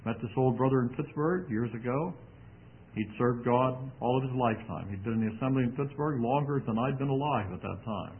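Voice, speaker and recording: A man's voice: mid-range voice, fairly quick, breathy edge. A man preaching a sermon in a folksy, emphatic way, with wry asides. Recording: tinny narrow-band radio broadcast.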